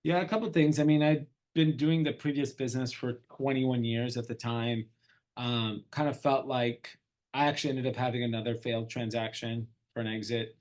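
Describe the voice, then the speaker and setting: A man's voice: mid-range voice, moderate pace. A middle-aged man, an entrepreneur guest in an interview, telling a story casually and acting out the dialogue. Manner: animated storyteller, acts out quoted dialogue.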